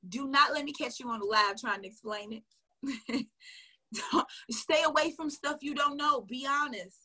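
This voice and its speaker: In casual motivational coaching talk aimed straight at her viewers, a woman sales coach gives emphatic advice, chatting and laughing a lot. She has a high, pushed and bright voice at a moderate pace, recorded for an online video.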